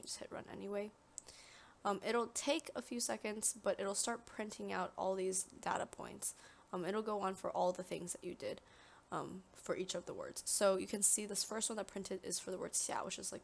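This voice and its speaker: A young woman talks through a software tutorial one step at a time, dropping in plenty of "um"s as she goes. Her voice has a gravelly, creaky edge. There is a faint hiss of noise behind her. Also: mid-range voice. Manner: step-by-step instructions with frequent "um" fillers. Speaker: tutorial presenter. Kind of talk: screen-recorded software tutorial.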